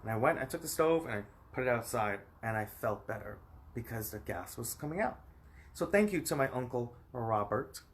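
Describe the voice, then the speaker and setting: Casting: American man, 30s, rambling phone vlog, plain middle pitch, speaks straight to camera. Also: expressive, normal speed, a little hiss or hum. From United States. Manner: rambling, emphatic, talks straight at the viewer. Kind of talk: personal vlog monologue.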